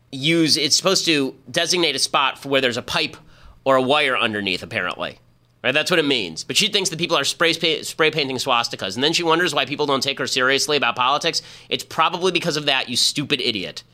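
A man hosting his own political podcast, delivering a fast, combative monologue with mocking jabs. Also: a little high, bright, forceful tone. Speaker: podcast host. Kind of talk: opinion commentary monologue.

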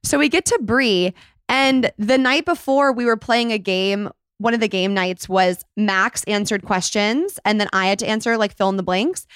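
A woman in her twenties hosting a casual chat, telling stories quickly with lots of fillers. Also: mid-range voice, fairly bright tone, clean tone, no echo, clean studio sound. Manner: chatty, fast storytelling with many fillers. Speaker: host.

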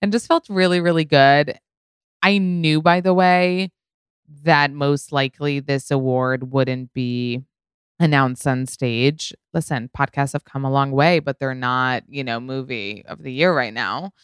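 A woman's voice: rumbling low, measured pace, clean tone, no room sound, studio quality. A woman hosting her own podcast, telling a story in casual chat, full of "like" and "you know", with the odd swear word. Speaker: podcast host.

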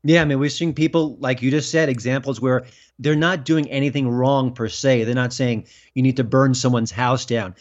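A man being interviewed as a film critic, talking emphatically and rising in pitch when indignant. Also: fairly even intonation, normal speed. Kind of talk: political interview. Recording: dull lo-fi sound.

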